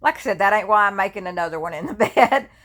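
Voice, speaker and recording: A woman's voice: mid-range voice, animated, fast talker, a bit bright. An older woman talking casually from her bed in a personal vlog, rambling and chatty with many restarts, into a phone held at arm's length. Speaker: grief vlogger. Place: indoors, lying in her bed.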